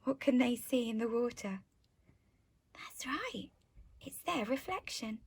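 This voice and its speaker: A woman teacher reading a picture book to children, gentle and asking them questions. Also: a little high, animated, moderate pace, vocal fry, husky.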